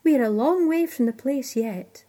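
A woman voicing a poor, humble young kitchen girl who speaks gently and earnestly. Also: high-pitched, expressive, moderate pace. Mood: gentle. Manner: gentle, earnest, soft-spoken.

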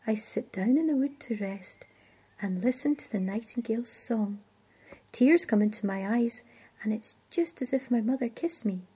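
A woman voicing a poor, humble young kitchen girl who speaks gently and earnestly. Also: a little high, animated, normal speed, slightly rough. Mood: gentle. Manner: gentle, earnest, soft-spoken.

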